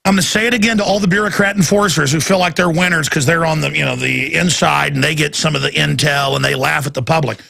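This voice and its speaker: A man's voice: on the high side, steady tone, quick pace, creaky, hardly any pauses, sharp tone. A man hosting a talk radio show, ranting emphatically in a heated monologue and taking callers. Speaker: radio host.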